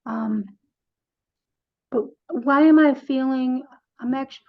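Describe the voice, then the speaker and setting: Earnest woman on a dull video call. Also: high-pitched. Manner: earnest, searching, halting. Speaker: group participant.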